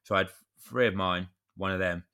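A man in his thirties with a low voice that still sounds bright and forceful. He co-hosts a podcast in casual chat. He tells long, rambling stories with mild swearing. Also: fairly even intonation, fairly quick, clear, resonant tone. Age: 30s. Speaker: podcast co-host.

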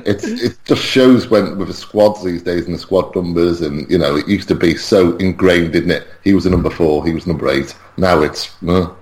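A man's voice: low voice, moderate pace, few pauses, darkish tone, low-quality recording. A man in his forties from Wales, a podcast guest chatting in an easygoing, hesitant way. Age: 40s. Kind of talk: casual chat.

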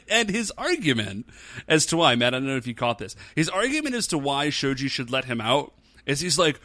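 A man's voice: mid-range voice, normal speed. A man co-hosting a podcast, chatting casually and joking as he recaps a TV episode. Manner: animated, laughing, joking. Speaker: podcast co-host. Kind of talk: casual chat recapping a TV show.

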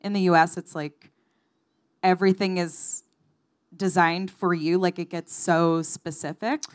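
A woman's voice: lowish voice, fairly even intonation, unhurried, smooth. An American woman guesting on a live comedy podcast, talking with lots of "like" and playful exaggeration. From United States.

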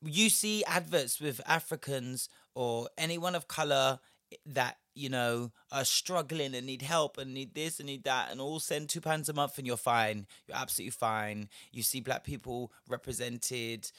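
A man's voice: medium pitch, normal speed, no room sound. Ranting young man, dry close sound. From Britain. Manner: profane, sarcastic, shifting loudness. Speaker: vlogger. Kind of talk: ranting commentary.

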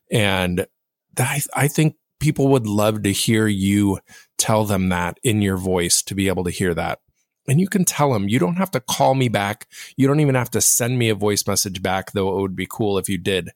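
Here a man hosts a casual podcast alone, speaking to listeners in a low, rather monotone voice with a thoughtful, self-deprecating tone. It's a dry, close recording with nothing of the room audible.

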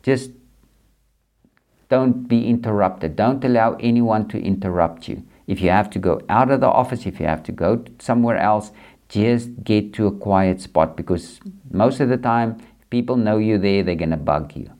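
A man with a dark, mellow tone and a gravelly edge talks to his listeners about quiet and reflection. He speaks earnestly and repeats his key points, often addressing the listener directly. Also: on the low side, moderate pace. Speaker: podcast host. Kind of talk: reflective faith-based monologue.

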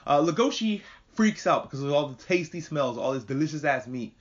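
A man from New York hosting a casual podcast recap, with profane, animated, rambling commentary. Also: a little high, brisk. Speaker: podcast host. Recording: muffled lo-fi recording.

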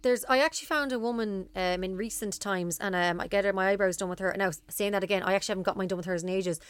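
A young Irish woman co-hosts a podcast in casual chat, rambling with lots of fillers and restarts. She talks fast in a medium-pitched voice, and the tone is clean with no echo.

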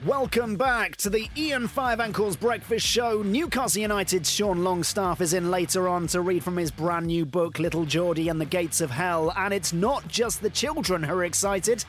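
A man's voice: high-pitched, moderate pace, hardly any pauses, fairly bright tone. A man co-hosting a comedic radio breakfast show with a theatrical presenter delivery.

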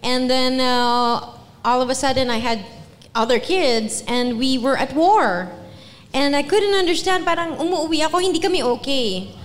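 A Filipino woman with a fairly high voice chats at a live podcast show. She talks in an animated way and drops Tagalog phrases into her English. Her voice rings out with the long reverb of a live venue. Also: moderate pace. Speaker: podcast co-host.

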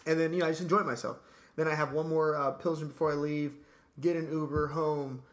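A man's voice: fairly high pitch, steady tone, a little fast. A man casually telling a long story in a podcast chat, laid-back and profane, dropping "dude" and "like" constantly.

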